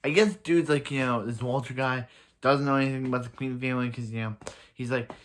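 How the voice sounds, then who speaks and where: A man's voice: medium pitch, fairly even intonation, brisk. A man casually recapping and reviewing a TV episode, rambling with many fillers, restarts and the odd laugh. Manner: laughs at own jokes. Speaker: show reviewer.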